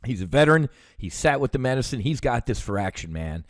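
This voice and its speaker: A man's voice: medium pitch, sing-song, fast, dry recording, studio quality. A veteran man hosting a show, telling a story in a casual, heated monologue full of fillers and swearing. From United States. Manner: heated, profane ranting with many fillers. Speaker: podcast host, veteran.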